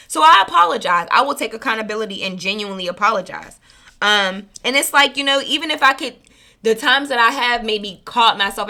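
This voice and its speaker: A spiritual reader with a slightly high, sharp-toned voice chats earnestly and casually with her channel's viewers. She rambles and corrects herself throughout this heartfelt monologue.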